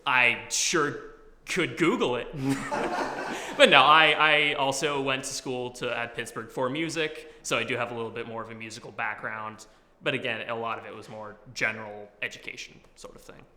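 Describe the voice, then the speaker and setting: Bright-voiced young man at an audition. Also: medium pitch, fairly even intonation, brisk, a little hiss or hum. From Washington, D.C. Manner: self-deprecating, joking, with filler words. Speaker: auditioning actor. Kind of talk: audition interview. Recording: echoey hall.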